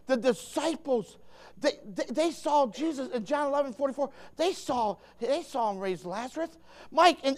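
A man preaching a fervent sermon, emphatic and impassioned, stammering into restarts and calling out to his listeners. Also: very high voice. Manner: impassioned, emphatic, swings between hushed and shouting, calls out to listeners.

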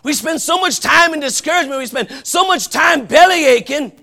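A man preaching a fervent sermon with folksy asides, often rising to shouts. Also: very high voice, lively intonation, fairly quick, creaky. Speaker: pastor.

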